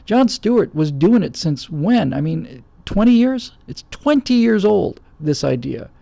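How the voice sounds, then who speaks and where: A middle-aged man hosts, trading in emphatic, blunt opinions and acting out the voices he quotes. His voice sits a little high for a man yet stays mellow, with a gravelly edge. The recording is close and dry. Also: sing-song, unhurried, no echo. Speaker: host. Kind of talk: opinionated commentary answering viewer questions.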